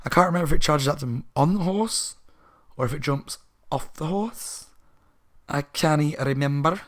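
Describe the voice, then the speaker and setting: A man with a sore throat casually retelling a book plot as a reviewer, rambling and animated. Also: on the high side, moderate pace. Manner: rambling, animated, laughing asides.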